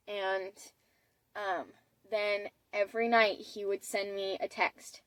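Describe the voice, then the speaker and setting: A woman's voice: mid-range voice, fairly even intonation, slow pace, fairly bright tone, no echo, rough recording. A woman of about twenty telling a personal story in a chatty way, with many fillers and restarts. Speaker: vlogger. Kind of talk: casual storytelling.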